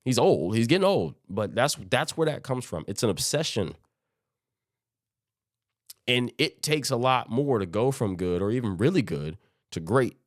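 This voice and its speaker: A man's voice: medium pitch, sing-song, normal speed, dry recording, studio quality. A man hosting a solo sports podcast, talking casually and rambling through his points, often restarting his sentences. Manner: rambling, conversational, restarts phrases; quotes imagined teams in offhand voices. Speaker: podcast host.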